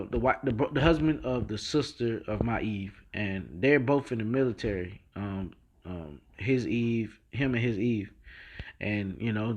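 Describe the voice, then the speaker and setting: A man's voice: medium pitch, highs cut off. Guy rambling over the news, lots of slang and um's and restarts, reads out bible verses. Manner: reads news and scripture aloud. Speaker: religious video host. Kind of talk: casual news commentary.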